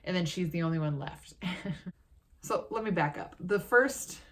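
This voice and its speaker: A woman's voice: on the low side, expressive, moderate pace. A young woman vlogger recapping a movie in a casual, sarcastic, profanity-laced ramble.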